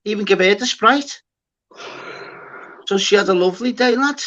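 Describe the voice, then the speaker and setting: A man's voice: sits high, moderate pace. Sweary man telling a story. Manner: swears often, animated storytelling, says lad and mate. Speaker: livestream host. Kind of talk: casual chat. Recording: dull lo-fi sound.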